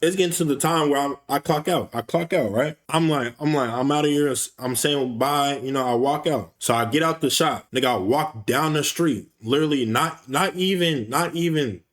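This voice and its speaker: A young man telling a storytime rant in casual, slangy speech, animated and frustrated, swearing often. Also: a little high, normal speed, few pauses.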